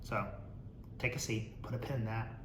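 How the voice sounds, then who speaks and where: A man's voice: fairly low pitch, little pitch movement, moderate pace, a bit bright, echoey room, a little hiss or hum. A man hosting a casual podcast, reading viewer comments aloud and mocking them sarcastically, swearing freely. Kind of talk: casual chat.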